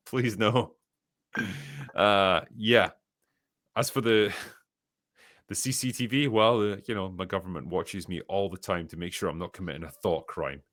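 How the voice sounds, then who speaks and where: A man's voice: sits low, measured pace, pauses often, fairly bright tone, no echo. A Scottish man hosting a casual podcast, reading viewer messages aloud and answering with dry, profane, sardonic remarks. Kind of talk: casual chat.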